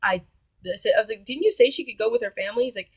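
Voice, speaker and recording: A woman's voice: fairly high pitch, lively intonation, rapid-fire, slightly rough, dry recording. Blunt, profane young woman telling a story. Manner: blunt, profane, indignant retelling with quoted dialogue. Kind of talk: casual storytime.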